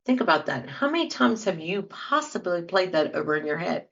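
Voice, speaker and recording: A woman's voice: fairly low pitch, very animated, a little fast, dull audio. A woman hosting a show, talking casually to her listeners and acting out example apologies as she goes. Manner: conversational, acts out sample apologies. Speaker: podcast host. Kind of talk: casual talk, speaking to listeners.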